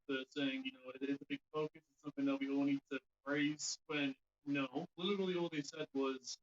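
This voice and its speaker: A man giving blunt, swearing reaction commentary on a stream. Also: a little high. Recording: dull distant mic.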